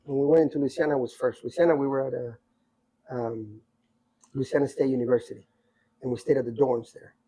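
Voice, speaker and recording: A man in his sixties telling rambling, animated stories from his youth in a casual podcast chat. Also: mid-range voice, a little fast, pauses often, breathy edge, low-quality recording. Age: 60s. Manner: rambling, animated anecdotes with many asides. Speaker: podcast guest storyteller. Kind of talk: casual storytelling.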